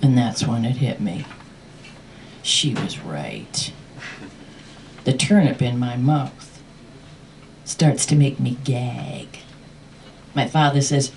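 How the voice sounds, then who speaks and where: A woman host telling a comic personal story live in a cafe, animated and often laughing, recorded from a distance. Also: very deep voice, slow pace, pauses often. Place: cafe performance space. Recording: distant mic with faint room noise.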